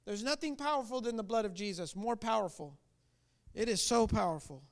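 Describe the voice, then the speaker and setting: A man preaching a testimony sermon as a missionary, earnest and impassioned, swinging between loud declarations and quiet asides. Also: sits high, fairly quick.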